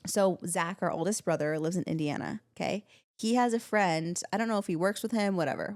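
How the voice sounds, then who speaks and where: Animated woman in her twenties telling a story. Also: on the low side, no room sound, studio quality. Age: 20s. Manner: animated storytelling, acts out quotes. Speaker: podcast co-host. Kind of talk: casual chat.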